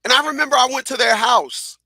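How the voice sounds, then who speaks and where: A middle-aged man hosting a radio show, telling stories in a casual, animated way, repeating phrases and acting out what people said. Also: extremely high pitch, fast talker, slightly rough, dry recording, clean studio sound. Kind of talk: casual storytelling monologue.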